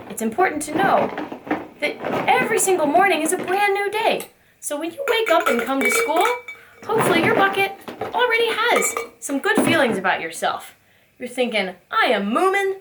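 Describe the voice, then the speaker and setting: A woman teaching a preschool circle time, asking gentle questions in a sing-song teacher voice. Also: sits high, a little hiss or hum. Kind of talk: circle time lesson for young children.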